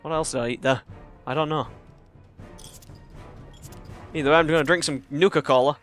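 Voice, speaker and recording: A young man chatting casually and profanely while playing a game in his cramped bedroom, rambling and jokey, yelling in a panic when enemies attack. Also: fairly high pitch, fairly even intonation, moderate pace, faint music behind. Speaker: let's play gamer. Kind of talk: casual gameplay commentary.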